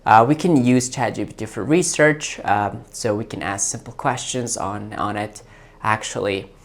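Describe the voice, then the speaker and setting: A man hosting a tech video, talking informally and eagerly, often halting and repeating words as he chats with an AI assistant and his viewers. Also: lowish voice. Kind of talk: casual talk to an AI voice assistant and to viewers.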